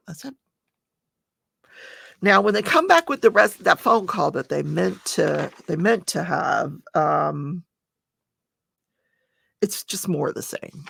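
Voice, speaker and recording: A woman talks through a trial recap in a casual, chatty way, reading quoted lines and adding her own asides. Her voice carries a heavy gravelly fry. The sound is close and dry, with no room around it. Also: lowish voice, expressive, a little slow, pauses often, a bit bright, no echo. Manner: chatty, reads testimony in plain voice with asides. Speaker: true crime channel host.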